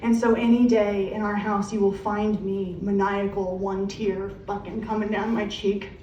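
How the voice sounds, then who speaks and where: A woman's voice: mid-range voice, level tone, moderate pace, dark tone, muffled recording. An American woman doing stand-up comedy, telling profane stories and acting out voices, recorded live in a comedy club. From United States. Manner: brash, profane storytelling with acted-out voices. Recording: echoey room, distant mic, faint noise.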